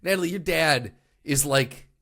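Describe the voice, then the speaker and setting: A man's voice: medium pitch, sing-song, a little slow, fairly bright tone. A man co-hosting a podcast in casual chat, reacting often with short agreements. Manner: responsive, lots of short agreements. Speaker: podcast co-host.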